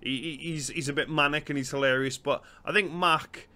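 A man with a Geordie accent, chatting excitably and swearing while reacting to a comedy show. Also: on the high side, fairly quick. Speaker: reaction video host. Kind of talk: casual reaction commentary.

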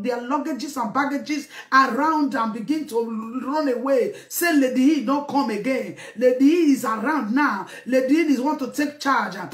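A woman preacher with a Nigerian accent, leading impassioned prayer with shouted declarations. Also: sits high, echoey room. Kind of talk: fervent prayer sermon.

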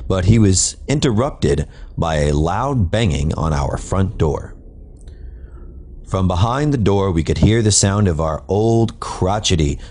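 A man narrating his own comic horror story in a wry, dry manner. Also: sits low. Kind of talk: scripted narration.

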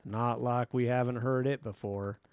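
Easygoing young man, thick Texas drawl, unhurried and amused, voiced by a male reader. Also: medium pitch, steady tone, clean tone, muffled recording, lightly acted. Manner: pleasant, slow drawl.

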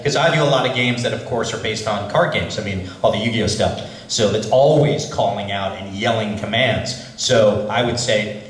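A man's voice: lowish voice, brisk. A man on a convention panel who talks in a chatty, self-interrupting way and calls on fans. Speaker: voice actor panelist and moderator. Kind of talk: convention Q&A chat. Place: convention hall. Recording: roomy convention hall.

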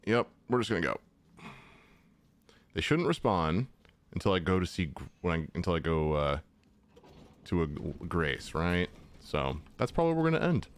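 A man's voice: low-pitched, sing-song, normal speed, pauses often. A young man casually commentating his own gameplay, chatty and jokey, talking to the enemies on screen. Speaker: gaming channel host. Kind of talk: casual let's-play commentary.

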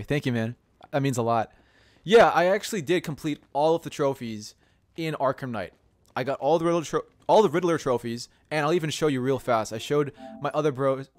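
A man casually chatting on a gaming stream, excitable and laughing often. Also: medium pitch, fairly quick.

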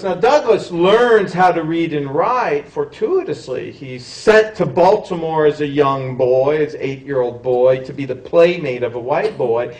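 A man, a history professor, giving a public lecture, talking in a discursive way with frequent restarts and self-corrections. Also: a little high. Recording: roomy hall, mic at a distance.

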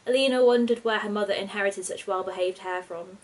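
A woman reading her own storybook aloud in a steady, expressive narration. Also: medium pitch, a little fast, poor audio.

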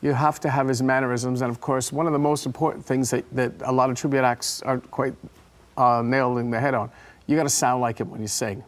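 A man, a tribute performer, chatting as a guest in a live TV studio interview in a relaxed, friendly storytelling way. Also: mid-range voice, brisk.

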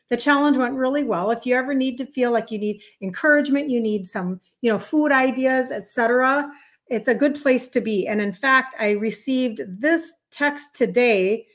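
A woman's voice: on the high side, a bit bright. A woman in her fifties from Minnesota with a Minnesotan accent, hosting a chatty live stream as a health coach, greeting viewers and answering their comments as they come in. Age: 50s.

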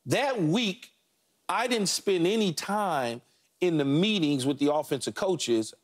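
A middle-aged man co-hosting a sports talk show, telling stories about his playing days in animated, punchy fragments with lots of repeats. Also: on the high side, slow pace. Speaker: sports talk show co-host, former NFL receiver. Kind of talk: casual sports talk storytelling.

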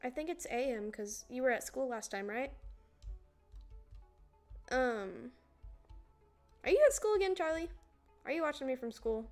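A chatty young woman talks to her viewers while she plays, rambling from one thing to the next in a fairly high voice. Faint music plays behind her. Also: expressive, unhurried, pauses often, darkish tone. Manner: chatty, rambling, often laughing, greeting viewers. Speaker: streamer. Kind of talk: casual livestream chat while gaming. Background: music playing.

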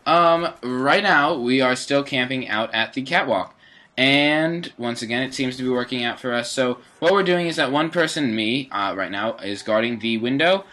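A man's voice: medium pitch, moderate pace, bright, forceful tone. A teenage boy giving casual, rambling commentary over his gameplay, with lots of fillers and self-corrections. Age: teens.

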